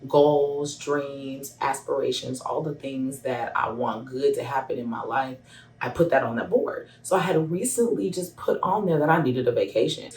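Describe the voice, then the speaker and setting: A woman in her thirties, a hairstylist, telling a personal story to camera in a casual, animated way. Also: a bass voice, normal speed. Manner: animated, acts out both sides of a phone call. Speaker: hairstylist sharing a testimonial. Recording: echoey room, voice a bit far from the mic.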